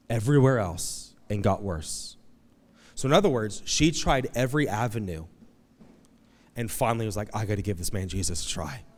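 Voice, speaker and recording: Man, pastor, sermon, conversational, animated, acted-out voices, mid-range voice, long hall reverb. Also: medium pitch.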